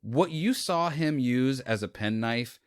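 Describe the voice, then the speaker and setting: A man co-hosting a podcast, chatting casually about a movie and retelling scenes in a rambling, animated way. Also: medium pitch, a little slow, no room sound, studio quality. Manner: rambling, animated retelling with quoted lines and laughs. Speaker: podcast co-host. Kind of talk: casual movie review chat.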